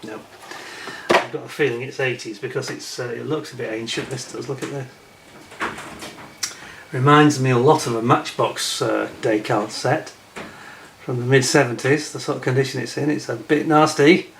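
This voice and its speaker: A man's voice: mid-range voice, fairly even intonation, moderate pace, gravelly. A man casually reviewing a model kit as he unboxes it, chatting and muttering asides to himself. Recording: echoey room with faint noise.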